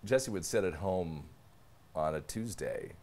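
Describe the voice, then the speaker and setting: A man's voice: deep voice, unhurried, a little mellow. A young man, a podcast guest, telling family stories in casual chat, laughing often and swearing casually.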